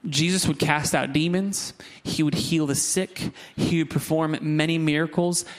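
A man preaching a sermon, lively and conversational, with asides to the congregation. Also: on the high side. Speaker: pastor.

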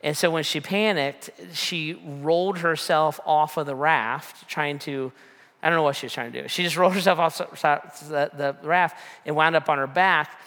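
Casual storytelling preacher, bright voice, fairly high, rambling delivery, long hall reverb. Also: male voice, normal speed. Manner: rambling, casual, many fillers and restarts. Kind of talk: storytelling sermon.

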